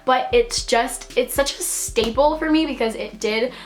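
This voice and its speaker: A woman's voice: on the high side, unhurried. A woman in her twenties chatting casually and enthusiastically about her new books, with lots of fillers. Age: 20s. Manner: enthusiastic, gushing, filler-heavy. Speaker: book vlogger. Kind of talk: casual book haul chat.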